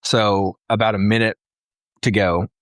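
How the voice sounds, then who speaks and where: A man's voice: on the low side, steady tone, measured pace, a bit bright, dry recording, clean studio sound. A man co-hosting a casual comedy podcast, telling an exasperated story with plenty of swearing. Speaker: podcast co-host.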